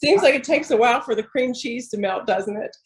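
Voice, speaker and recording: Woman, recipe cook, fairly high voice, matter-of-fact. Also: a little fast, rough recording. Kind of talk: casual cooking chat.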